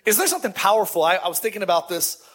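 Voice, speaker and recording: A middle-aged man, a lead pastor, preaching a sermon in a lively, conversational way with repeated phrases. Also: high voice, rapid-fire, slightly rough.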